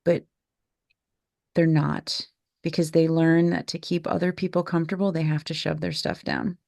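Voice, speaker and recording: A woman's voice: low-pitched, level tone, moderate pace, creaky, a little mellow, no room sound. A woman in her forties hosting a candid podcast, telling a family story in an earnest, reflective way. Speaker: podcast host and mother.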